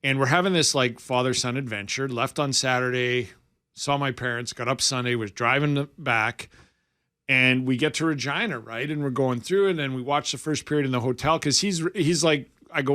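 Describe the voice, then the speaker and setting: A man in his forties from Alberta, co-hosting sports radio and telling a long story in a casual way, acting out the quotes. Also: mid-range voice. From Alberta, Canada. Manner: animated, acts out quoted dialogue.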